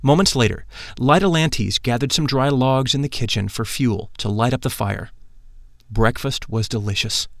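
A man's voice: medium pitch, normal speed, no echo, clean studio sound. Solemn male audiobook narrator. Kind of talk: first-person audiobook narration.

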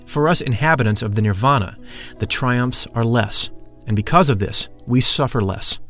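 A man voicing a serene, consoling heavenly maiden in a slow, measured reading. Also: mid-range voice, fairly bright tone, soft background music, natural voice.

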